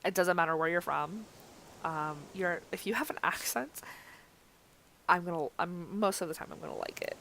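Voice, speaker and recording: Chatty young woman, lowish voice. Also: normal speed, a bit bright, a little hiss or hum. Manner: chatty, many fillers and laughs. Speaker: vlogger. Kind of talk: casual storytelling vlog.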